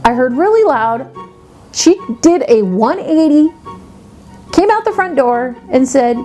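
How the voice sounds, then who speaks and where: Lady vlogger telling a funny neighbor story, kinda high voice, faint music behind. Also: measured pace. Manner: animated storyteller acting out quoted voices. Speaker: beauty vlogger. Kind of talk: casual storytime chat.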